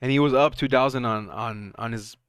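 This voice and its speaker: A man's voice: medium pitch, fairly quick, clean tone, no room sound, studio quality. Chatty young man streaming stock talk. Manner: excitable, chatty, laughs often, trails off and restarts. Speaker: stock market livestream host. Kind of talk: casual live commentary.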